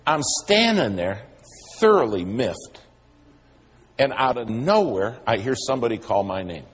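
A man's voice: mid-range voice, sing-song, unhurried, a little hiss or hum. A male preacher, telling a humorous story in a sermon.

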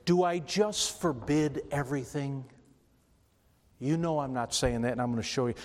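A man's voice: mid-range voice, normal speed, darkish tone. A man preaching a sermon, emphatic and repetitive, often restarting his phrases. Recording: long reverb from a hall.

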